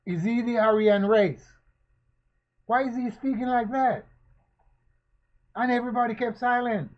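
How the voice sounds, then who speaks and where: A commentator delivers spoken social commentary in a fairly high, steady-toned voice, slow and deliberate. With an emphatic preaching cadence, he fires off rhetorical questions and leans on repeated phrases, all in a dull lo-fi recording.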